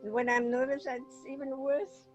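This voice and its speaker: A woman who is not a native English speaker gives her talk over a video call, stopping often to restart her sentences. Her voice sits rather high, and the call audio is dull and muffled, with soft music in the background. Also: little pitch movement, moderate pace. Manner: hesitant, apologetic, with many restarts. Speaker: guest speaker. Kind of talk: online talk.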